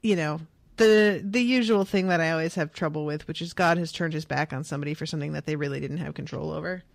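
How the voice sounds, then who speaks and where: A woman's voice: low-pitched, vocal fry, no room sound. A woman co-hosting a podcast, chatting casually and playfully about a book. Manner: playful and conversational, quick to joke. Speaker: podcast co-host. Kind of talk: casual chat.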